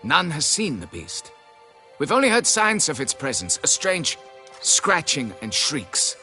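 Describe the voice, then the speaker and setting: An actor voicing a pompous, condescending aristocrat who owns a vineyard, in a video game, with faint music behind. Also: male voice, a little high, huge pitch swings, measured pace, sharp tone, full character voice. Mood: grave. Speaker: nobleman quest giver.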